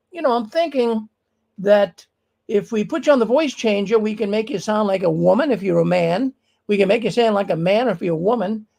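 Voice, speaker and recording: Male livestream host, casual emphatic commentary, fry in the voice. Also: high-pitched, a little mellow, low-quality recording. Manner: emphatic, talks straight to the viewers. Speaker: livestream news show host. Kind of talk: casual live commentary on news.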